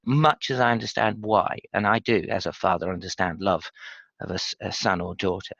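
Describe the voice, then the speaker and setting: A British man in his fifties, a former pilot telling his story frankly and reflectively in an interview, halting with fillers. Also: sits low, fairly even intonation, creaky, a bit bright, no room sound, muffled recording. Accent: British English. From Britain. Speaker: podcast guest, former RAF pilot.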